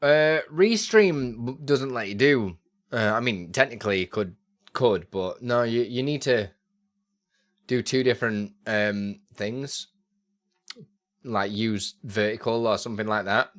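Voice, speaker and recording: A man's voice: medium pitch, measured pace. A man streaming live, answering chat questions in a casual, rambling way with lots of fillers. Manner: rambling and easily sidetracked, with many fillers.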